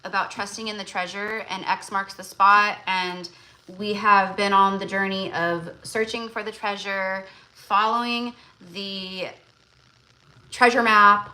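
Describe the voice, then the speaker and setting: Woman, tarot livestream host, casual rambling chat, bright clear voice, lots of fillers. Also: medium pitch, little pitch movement, slow pace, rough recording. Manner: rambling, full of fillers and restarts.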